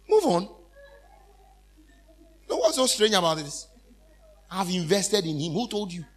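Husky, lively male preacher. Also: high-pitched, a little slow, pauses often. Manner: emphatic, repetitive preaching with sudden loud outbursts. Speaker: minister. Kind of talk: sermon.

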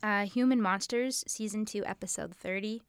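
Chatty, animated woman podcast host. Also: mid-range voice, normal speed, smooth. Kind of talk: casual chat.

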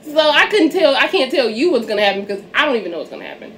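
A woman's voice: high voice, expressive, racing, a bit bright, a little hiss or hum. A woman hosting a casual podcast chat, talking candidly, swearing and laughing often. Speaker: podcast host.

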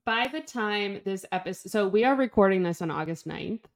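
A woman's voice: mid-range voice, expressive, moderate pace. A woman co-hosting a casual book-club podcast, easygoing as she recaps the story. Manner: easygoing, recaps plot with reading aloud. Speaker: podcast co-host.

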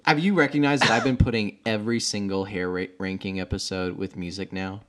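A man's voice: on the low side, fairly even intonation, brisk, a bit bright. A man in his forties co-hosting a casual podcast chat, playful and laughing often. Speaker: podcast co-host.

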